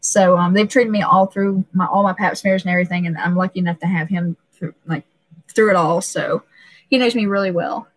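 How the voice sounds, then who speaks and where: A woman's voice: lowish voice, steady tone, a little fast. A woman hosting a casual live stream, rambling and emotional, laughing often and filling gaps with "uh" and "um".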